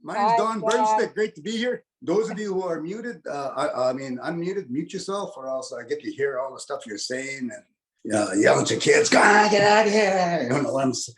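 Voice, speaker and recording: A man's voice: fairly high pitch, a little fast, poor audio. A man doing casual stand-up comedy from his home over a video call, chatty with lots of "eh" and "you know".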